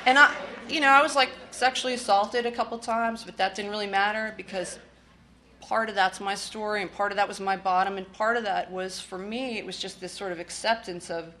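A woman's voice: medium pitch, fairly even intonation, brisk, sharp tone, a little hiss or hum. A woman from the Washington, D.C. area sharing her recovery story in a candid, blunt way with wry humor and swearing. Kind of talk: personal testimony.

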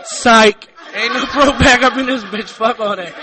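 A middle-aged man telling his story at a recovery meeting, profane and comic, shouting at times and then going quiet and sincere. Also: very high voice, moderate pace, a crowd in the background. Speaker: speaker sharing at a recovery meeting. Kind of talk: raw comedic testimony. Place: meeting room.

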